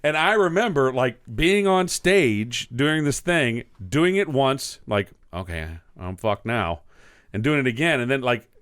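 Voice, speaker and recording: A man hosting a podcast, telling a childhood story in casual chat, animated and profane, mimicking voices in the story. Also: on the high side, moderate pace, few pauses, clean tone, no echo, studio quality. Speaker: podcast host.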